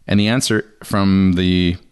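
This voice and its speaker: A young man hosts a chatty podcast, reading out articles, laughing often, and putting on a mock voice for quotes. He sits low in pitch with little movement, speaking at a measured pace in a clean tone.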